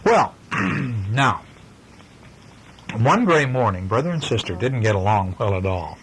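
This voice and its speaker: A hoarse father reading a bedtime story to his children, gentle and chatty, stopping to talk about the pictures. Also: fairly low pitch, big pitch swings, unhurried, poor audio.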